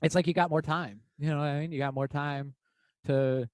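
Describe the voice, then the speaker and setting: A man's voice: fairly high pitch, fairly even intonation, fairly quick, dry recording. A man co-hosting a casual podcast, rambling and swearing, acting out the people in his stories. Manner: rambling, profane, acts out quoted people in storytelling. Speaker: podcast co-host. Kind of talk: casual chat.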